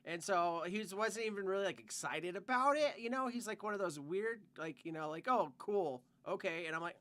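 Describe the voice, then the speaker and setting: A man's voice: high-pitched, animated, brisk, fairly bright tone. A young man co-hosting a podcast, telling a rambling work story full of "like" and swearing in casual chat. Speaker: podcast co-host.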